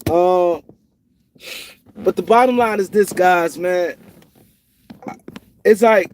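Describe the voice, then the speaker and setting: A middle-aged man with a high voice speaks slowly as he hosts a casual livestream, with slight background noise behind him. His storytelling is animated, with lots of repetition and restarts.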